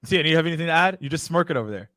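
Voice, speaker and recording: A man hosting a sales workshop, giving advice in an energetic, joking, emphatic way. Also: fairly high pitch, rapid-fire, no echo, clean studio sound. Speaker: host. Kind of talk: casual webinar advice chat.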